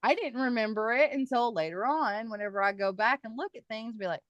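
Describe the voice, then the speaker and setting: A middle-aged woman, a guest on a podcast, telling her own paranormal stories in a lively, chatty way and laughing often. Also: fairly high pitch, fairly quick, no room sound, lo-fi sound. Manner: animated storyteller, laughs often. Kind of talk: casual podcast storytelling.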